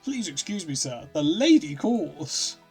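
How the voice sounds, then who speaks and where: A man's voice: fairly high pitch, sing-song, unhurried, darkish tone, husky, soft background music, heavily acted. A man voicing a dutiful, formal older butler, reading game dialogue aloud in a deferential tone. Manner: deferential, formal servant speech.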